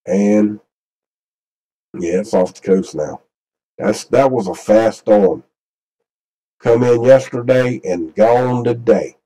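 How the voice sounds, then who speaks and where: A man's voice: lowish voice, slow pace, pauses often, warm tone, rough recording. A man, rambling folksily through a screen-share and repeating himself as he walks viewers through weather maps. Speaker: channel host. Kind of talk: casual screen-share commentary.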